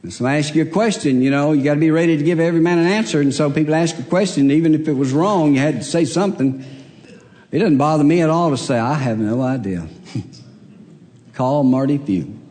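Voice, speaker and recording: A man's voice: a little high, fairly quick, a little mellow, in a large hall. An older man, preaching a sermon in a church and telling stories about himself in a humorous, self-deprecating way. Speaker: pastor. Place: church sanctuary.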